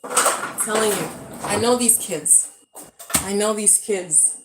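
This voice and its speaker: A woman in her thirties chats on a home live stream with a medium-pitched, slow voice over heavy background noise. Standing outside near the backyard pool, this vlogger talks casually to viewers and breaks off to scold her kids.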